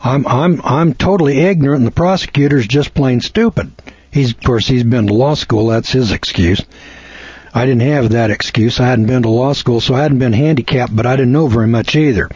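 A man's voice: mid-range voice, a little fast, a little mellow, husky, no room sound. A man giving a seminar lecture, telling a story in a folksy, colloquial, emphatic way, on a dull lo-fi recording. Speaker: seminar speaker.

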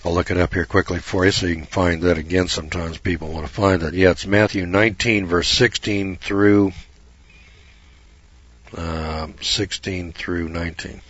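Low husky guy rambling folksy about the bible, dull dry lo-fi sound. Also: steady tone, normal speed, fairly bright tone, no echo. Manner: folksy, digressive, frequent uh and restarts. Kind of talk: rambling religious talk.

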